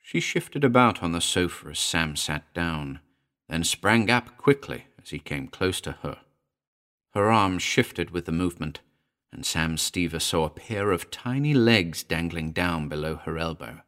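Man, deep voice, animated, dramatic audiobook narration, hushed and urgent by turns. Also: measured pace.

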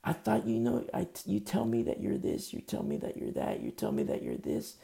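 Gravelly, emphatic male preacher. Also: high-pitched, huge pitch swings, normal speed. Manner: emphatic and conversational, swinging from loud to hushed. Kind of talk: sermon.

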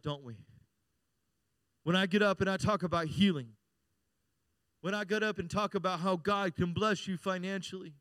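A man preaching a sermon with a high, bright, ringing voice. His tone is smooth and clear, and he builds from quiet appeals to impassioned shouts. The sound is close and dry. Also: dry recording. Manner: impassioned preaching, rising to shouts and sung lines. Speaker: pastor. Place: church.

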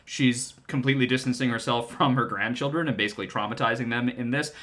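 A man co-hosting a podcast, speaking his mind about a TV drama in a chatty way. His voice sits at an average pitch. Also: steady tone, fast talker, a bit bright. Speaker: podcast co-host. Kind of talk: casual chat.

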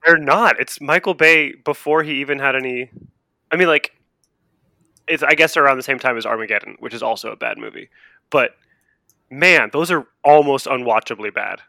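A man's voice: mid-range voice, moderate pace, creaky, sharp tone, no room sound, clean studio sound. A man co-hosting a casual podcast chat, cutting in with wry, sarcastic asides. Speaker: podcast co-host.

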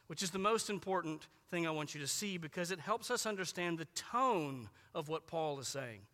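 A man preaching a sermon in an emphatic way, repeating key phrases and slowing down to stress words. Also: sits high, pushed and bright, in a large hall. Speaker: pastor.

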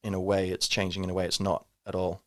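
A man's voice: low voice, completely flat delivery, fast talker, dry recording, studio quality. A man hosting a solo podcast, talking reflectively and rambling, with many fillers and restarts. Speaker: podcast host.

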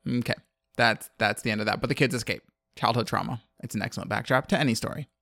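A man's voice: medium pitch, quick pace, creaky, a bit bright, dry recording. Chatty rambling man, dry close mic. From American South. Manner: rambling, chatty, laughs often. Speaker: podcast co-host recapping a movie. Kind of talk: casual chat.

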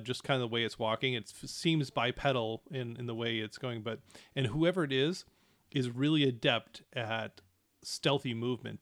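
A man's voice: medium pitch, no room sound. A man narrating as game master for a tabletop game, hesitant with many fillers and restarts.

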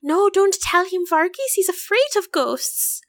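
A woman's voice: very high-pitched, sing-song, a little slow, a bit bright, full character voice. A woman voicing Mercy, an anxious, apologetic young woman on a ship. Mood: pleading. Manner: pleading, apologetic.

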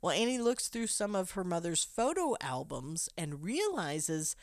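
Woman podcast host, lively pitch, slightly low voice, dry close sound, plot recap. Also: unhurried, no echo. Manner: animated storyteller, joking asides. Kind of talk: movie plot recap and casual chat.

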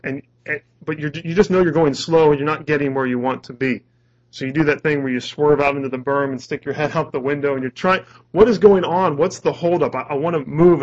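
Male pastor, earnest conversational sermon, middle pitch, muffled lo-fi recording. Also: fairly bright tone. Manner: earnest, conversational, restarts words. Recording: dull lo-fi recording.

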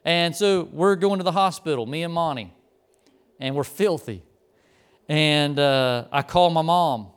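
Middle-aged male preacher, animated storyteller with a smooth, fairly high voice. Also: unhurried. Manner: animated storyteller, acts out the people in his story. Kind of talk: storytelling sermon.

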